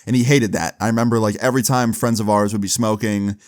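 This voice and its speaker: Man with a low voice and a dry, close sound, relaxed and profane, for a storytime vlog. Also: fast, no room sound. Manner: laid-back, swears often, fills with 'like'. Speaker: storyteller vlogger. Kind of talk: casual storytime.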